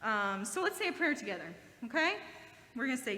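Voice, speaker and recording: A woman's voice: a little high, sing-song, brisk, bright, forceful tone, slight background noise. A woman leading a children's sermon in a church, reading scripture and asking the children questions on a handheld microphone. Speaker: children's time leader. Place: church sanctuary. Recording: echoey hall.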